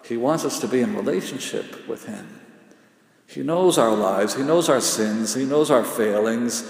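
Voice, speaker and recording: Slow, gravelly male preacher in an echoing hall. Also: mid-range voice. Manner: slow, repetitive cadence with dramatic pauses, often dropping to a hushed intensity. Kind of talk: sermon. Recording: echoey hall with long reverb.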